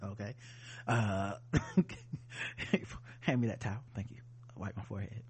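A man voicing a bigoted male surgeon who mutters quietly and offhandedly while he operates. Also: on the low side, fairly even intonation, measured pace, husky, voice pushed down. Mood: muttering, deadpan.

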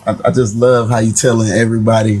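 A man's voice: lowish voice, flat delivery, quick pace, a little mellow, soft background music, rough recording. A young man co-hosting a casual podcast, laid-back and a little sheepish as he tells a story. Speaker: podcast co-host. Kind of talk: casual chat.

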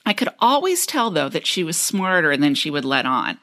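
Low-voiced woman co-host sharing research. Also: big pitch swings, moderate pace, pushed and bright. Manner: enthusiastic, storytelling. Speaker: podcast co-host. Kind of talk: casual chat, reading researched notes.

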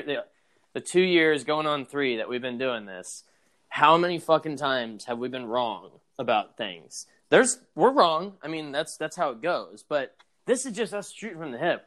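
A man's voice: fairly high pitch, very animated, moderate pace, fairly bright tone. Blunt, cynical male podcast co-host. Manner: cynical, blunt, laughs along. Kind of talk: casual chat.

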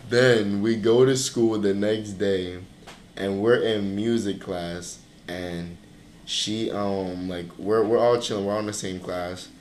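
A man's voice: lowish voice, slow. Young man telling stories in an echoey room. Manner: animated storytelling, bursts into laughter. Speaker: podcast co-host. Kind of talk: casual chat. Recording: echoey room with faint noise.

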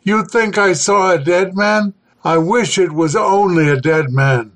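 A man's voice: a little slow, fairly bright tone. A man playing a panicked, half-mad explorer. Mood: frantic. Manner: frantic, pleading, high-strung.

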